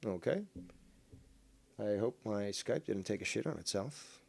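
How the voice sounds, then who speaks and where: A man hosting a casual call-in livestream, rambling and sarcastic, cursing at his software. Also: fairly low pitch, animated, measured pace, creaky. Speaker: livestream host.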